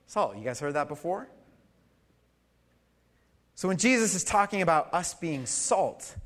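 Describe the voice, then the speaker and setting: Pastor, man, fairly high voice, lively sermon delivery with conversational asides to the congregation. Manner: animated, swings from loud emphasis to soft asides; conversational, with fillers and audience questions. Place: church service.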